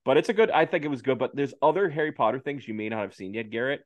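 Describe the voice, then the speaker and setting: A man's voice: medium pitch, lively intonation, dry recording, lo-fi sound. Brief: male podcast co-host, giggly and jokey, dry close-mic sound. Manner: giggly, jokey, quick asides. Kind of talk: casual chat.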